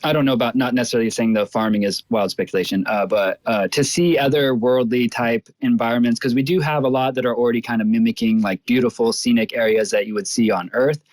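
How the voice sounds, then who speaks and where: A man co-hosting a relaxed online chat, speaking at an ordinary middle pitch. The sound is close and dry. He thinks aloud in an easygoing way, full of fillers. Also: quick pace, few pauses, dry recording, low-quality recording. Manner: easygoing, thoughtful, many fillers. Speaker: co-host. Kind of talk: casual chat on a live audio space.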